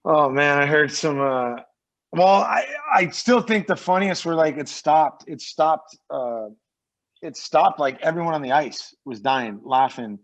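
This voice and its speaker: A man's voice: on the high side, measured pace. A man, a former pro hockey player, telling loose, rambling stories as a podcast guest, swearing freely and acting out what others said. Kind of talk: casual podcast storytelling. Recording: dull lo-fi sound.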